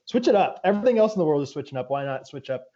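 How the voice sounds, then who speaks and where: A young man with a slightly higher voice chats as a podcast co-host. He jokes easily and gets animated as he tells stories. The sound is a little dull and muffled. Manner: animated, quick to laugh, jokey. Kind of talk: casual chat.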